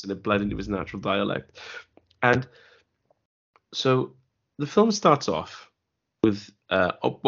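A man's voice: fairly low pitch, a bit bright. A man co-hosting a casual film podcast, rambling with many restarts and dry jokes. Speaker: podcast co-host. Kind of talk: casual film review chat. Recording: dull lo-fi audio.

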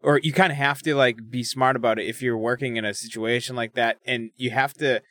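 A man's voice: mid-range voice, fairly even intonation, brisk, bright, forceful tone, dry recording, studio quality. A man co-hosting a podcast in casual chat, joking and chatty. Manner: chatty, joking, laughs between remarks. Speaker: podcast co-host.

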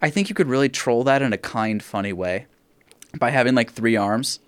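A man's voice: mid-range voice, moderate pace, smooth, no echo. A man hosting a podcast in casual chat, ranting with laughter and swearing. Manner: animated, profane, laughing rants. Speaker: podcast host.

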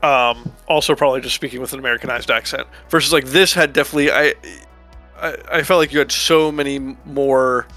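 A man speaks hesitantly in a casual podcast chat, starting a thought, backing up and trying again. His voice sits at an everyday middle pitch. Quiet music hums faintly in the background. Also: fairly even intonation, brisk. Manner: hesitant, restarts sentences often. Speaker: podcast co-host. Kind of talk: casual chat about a movie.

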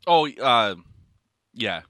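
A man's voice: mid-range voice, animated, extremely slow, pushed and bright, no room sound, clean studio sound. A young man co-hosting a casual snack taste-test vlog, loose and profane, with mumbled asides. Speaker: vlog co-host.

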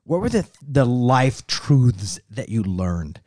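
A man's voice: mid-range voice, sing-song, slow, warm tone. A man co-hosting a podcast, joking and asking questions in casual chat.

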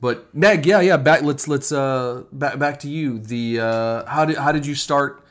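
A man hosts a casual podcast conversation. He rambles through his points and often pokes fun at himself. His voice sits at a middling pitch. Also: a little slow. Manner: rambling, self-deprecating. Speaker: podcast host. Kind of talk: casual chat.

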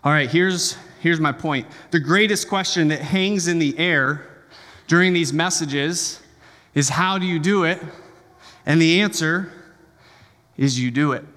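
A man's voice: a little high, a little slow, long pauses, pushed and bright, long reverb tail. A man preaching a sermon as pastor, conversational and joking, often checking in with the congregation.

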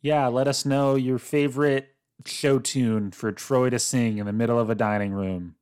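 A male podcast co-host in easy, casual conversation. His voice sits at a middle pitch, and he laughs freely between loose, joking remarks. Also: steady tone, moderate pace, a little mellow, clean tone. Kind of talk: casual chat.

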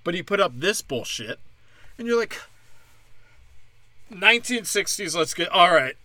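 Young man, sarcastic and swearing, high-ish forceful voice, dry close sound. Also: sing-song, unhurried, dry recording. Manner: angry, sarcastic, heavy swearing. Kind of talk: profane ranting monologue.

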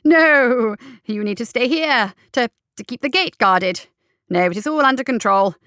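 A woman voicing a flustered, scheming male doctor who stammers and talks too loudly. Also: mid-range voice, normal speed, dry recording, clean studio sound, natural voice. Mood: panicky. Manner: stammering, overly hearty, raises voice.

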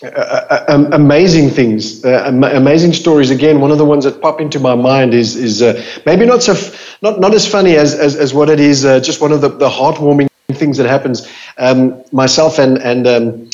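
A man's voice: mid-range voice, moderate pace, darkish tone. A man answering interview questions casually, hesitant with many fillers and restarts, heard over a remote call. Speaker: guest, crew member of a reality show. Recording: dull lo-fi sound.

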